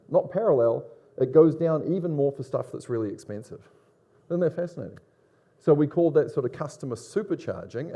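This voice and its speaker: Mellow-voiced man with a Long Island accent. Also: mid-range voice. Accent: Long Island New York. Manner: lively, conversational, poses questions to the audience. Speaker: conference speaker, business academic. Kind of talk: conference presentation.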